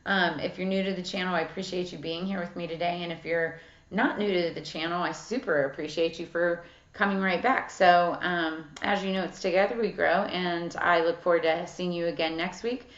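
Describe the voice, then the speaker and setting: This tarot reader's voice sits on the low side, keeping a steady tone at a normal speed. She reads the cards casually, cursing often, reciting card texts out loud and filling gaps with "um" and "like," all in an echoey room with muffled lo-fi audio.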